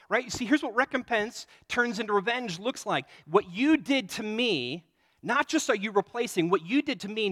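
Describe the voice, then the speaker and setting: A man preaching a sermon and telling stories in a lively way, with quick asides. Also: sits high. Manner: animated storytelling with quick asides. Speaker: pastor.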